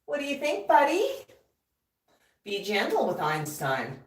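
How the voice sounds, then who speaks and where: A woman's voice: on the high side, huge pitch swings, measured pace. A woman hosting a pet vlog, cooing and chatting in sing-song baby talk to her parrot. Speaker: parrot owner and channel host. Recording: roomy, distant mic, faint music.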